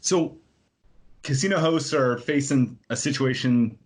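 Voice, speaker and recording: A man's voice: medium pitch, measured pace. A man interviewing a guest in an easygoing, casual way, laughing along with the stories.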